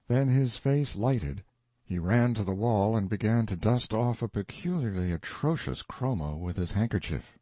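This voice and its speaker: A man narrating a classic novel as an audiobook, in a lively, expressive reading. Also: low voice, no room sound.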